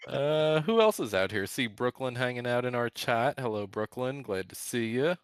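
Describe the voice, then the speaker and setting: A man's voice: mid-range voice, animated, moderate pace, clean tone, no room sound. A man co-hosting a casual livestream chat, talking loosely with many fillers and restarts. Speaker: podcast co-host.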